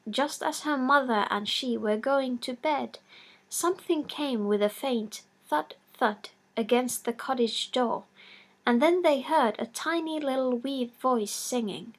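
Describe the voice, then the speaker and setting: A woman narrating a fairy tale in a measured, expressive reading. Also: fairly high pitch. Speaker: storyteller.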